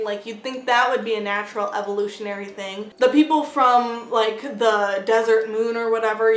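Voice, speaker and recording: A woman giving a casual, blunt book review vlog, chatty and full of "like" fillers, swearing freely. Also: on the high side. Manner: chatty, heavy use of "like" fillers. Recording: roomy echo.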